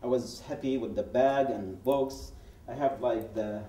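A man's voice: mid-range voice, steady tone, unhurried, dark tone. A man, a guest speaker giving personal testimony at a public event, telling it as a story. He acts out the dialogue he quotes and often restarts his sentences. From Yemen. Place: event hall. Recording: roomy hall, speaker far from mic.

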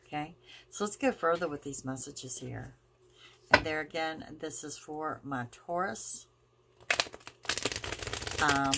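A woman's voice: sits low, very noisy. A woman giving a weekly tarot reading as host, talking the viewer through each card in a reassuring, emphatic way. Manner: reassuring, emphatic, drawn-out phrasing. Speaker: tarot reader.

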